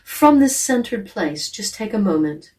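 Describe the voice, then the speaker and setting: Female voice coach, gentle guided warm-up, mellow tone, mic at a distance. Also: mid-range voice, unhurried. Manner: calm, gentle, demonstrates sighs, yawns and hums. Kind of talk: guided vocal warm-up instruction.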